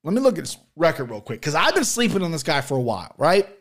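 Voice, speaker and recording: A man's voice: a little high, sing-song, fast talker, a bit bright. A man talking casually as a host reviewing fight results, blunt, profane and rambling, with plenty of fillers. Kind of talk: casual chat.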